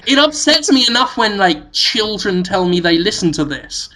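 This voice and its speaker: This podcast co-host has a high, bright, forceful voice with big pitch swings and a moderate pace. Chatting casually, he plays the silly storyteller, laughing and giggling through playful tales.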